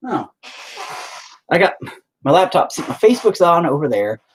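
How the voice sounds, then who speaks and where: Husky man ranting profanely on a livestream. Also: fairly high pitch, sing-song, normal speed. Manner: profane, candid, self-deprecating. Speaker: artist livestreaming while painting. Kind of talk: casual rambling chat. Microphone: laptop mic on a live stream.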